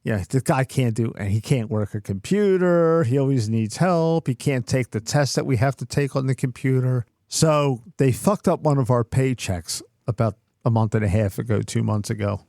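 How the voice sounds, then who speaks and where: A man's voice: medium pitch, moderate pace, hardly any pauses, a little mellow, no echo, clean studio sound. A middle-aged man co-hosting a podcast, telling a workplace story in a cursing, ranting way. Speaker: podcast co-host. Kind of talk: casual chat.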